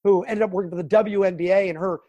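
A middle-aged man from Southern California, a sports broadcaster telling animated stories in an interview. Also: high-pitched, fast talker, no echo. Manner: animated storyteller, acts out quotes and sounds. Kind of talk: storytelling interview.

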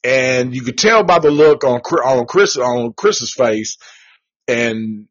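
A man hosting a podcast, telling a ghost story in a casual, profane and animated way. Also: mid-range voice, a little slow, breathy edge. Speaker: podcast host. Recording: dull lo-fi recording.

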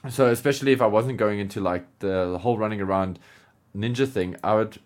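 Animated man reminiscing on a podcast. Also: on the low side, fast talker. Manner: animated, laughing, uses filler words. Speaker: podcast co-host. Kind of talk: casual podcast chat.

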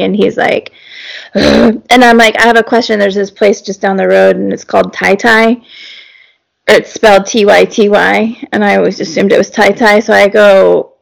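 Woman w a fry-heavy voice rambling thru a story, casual chat. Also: mid-range voice, flat delivery, normal speed. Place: lives in Georgia.

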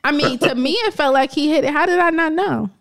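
Outspoken high-voiced woman. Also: brisk, gravelly, a bit bright. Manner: outspoken, laughing, blunt. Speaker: podcast co-host. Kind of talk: casual chat.

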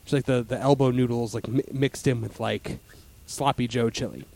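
A man's voice: mid-range voice, fairly even intonation, moderate pace, gravelly, darkish tone. A man in casual chat as a podcast host, rambling with lots of fillers and restarts.

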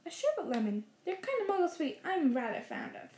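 A wise old wizard headmaster, genial and lightly playful, read by a woman with a high voice. His calm, amused lines sit in a roomy, echoing space, from a storybook reading. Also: fairly quick, slight background noise, full character voice. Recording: roomy echo.

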